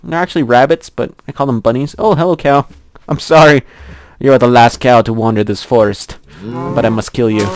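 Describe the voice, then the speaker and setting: Young male gameplay commentator, rambling, laughing often, dry close sound. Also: no echo. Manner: chatty, giggly, rambling to himself; squeals in a high voice at cute animals.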